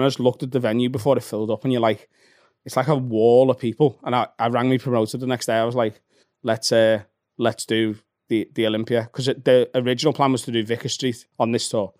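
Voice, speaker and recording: A Scouse man in his thirties rattles through his stories at a quick clip, swearing freely and acting out little scenes. His voice sits at a middling pitch. It is recorded close and dry, with no room sound. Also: no room sound. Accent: Liverpool (Scouse). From Liverpool, England. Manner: fast, sweary, animated storytelling. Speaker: stand-up comedian, podcast guest. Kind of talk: casual chat.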